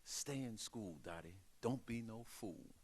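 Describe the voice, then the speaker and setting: A man's voice: lowish voice, expressive, unhurried, a little mellow, slightly rough. A man voicing a small, brash soul singer with a Southern accent, hollering folksy advice. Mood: advising.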